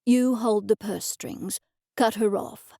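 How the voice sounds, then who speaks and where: A woman voicing a calm, professional male accountant who speaks in a measured way. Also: fairly high pitch, vocal fry, no echo, clean studio sound, exaggerated voice. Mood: level. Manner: measured and matter-of-fact.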